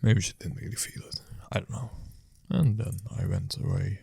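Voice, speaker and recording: Low, gravelly man telling a rambling story. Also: moderate pace, mellow, dry recording. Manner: rambling and hesitant, many fillers and restarts. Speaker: food delivery rider. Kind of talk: casual storytelling monologue.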